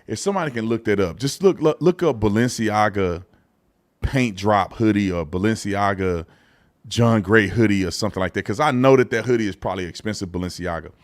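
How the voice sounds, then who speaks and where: A man's voice: lowish voice, a little fast, no echo, studio quality. A man hosting a live commentary show, talking in a blunt, opinionated and mocking way, with loose casual phrasing and frequent restarts. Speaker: show host.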